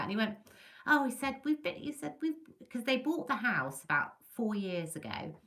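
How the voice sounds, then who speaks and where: A woman from England chatting on a livestream, telling ghost stories in a chatty, animated way and greeting viewers by name. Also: fairly high pitch, normal speed. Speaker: livestream host. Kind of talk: casual livestream chat.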